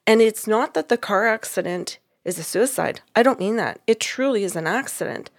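A woman, a psychic medium, telling a story in casual conversation, animated and laughing often. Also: mid-range voice, no echo, studio quality. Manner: animated, laughs often, quotes others in dialogue. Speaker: psychic medium, podcast co-host.

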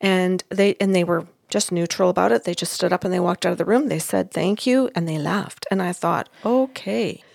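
A woman's voice: on the low side, brisk, creaky, hardly any pauses, dry recording, clean studio sound. A woman who works as a psychic medium, recounting a session in casual chat and acting out the others' words. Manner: animated, acts out quotes of others.

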